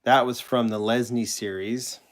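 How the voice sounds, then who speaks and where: A man's voice: medium pitch, fairly even intonation, measured pace. A man hosting a casual live stream, rambling and correcting himself as he answers chat questions and shows toy cars. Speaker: host of a live collector stream.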